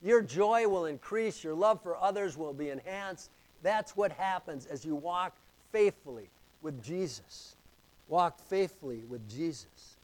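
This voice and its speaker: A pastor preaching a sermon, reading scripture and repeating key phrases with emphasis. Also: male voice, fairly high pitch, lively intonation, unhurried, rough recording.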